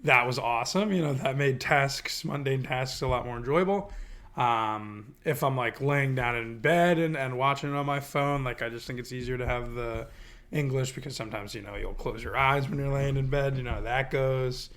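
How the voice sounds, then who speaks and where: A man's voice: medium pitch, moderate pace, fairly bright tone. Easygoing man chatting on a podcast. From northern United States. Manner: short agreeing replies, playful teasing. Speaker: podcast co-host. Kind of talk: casual chat.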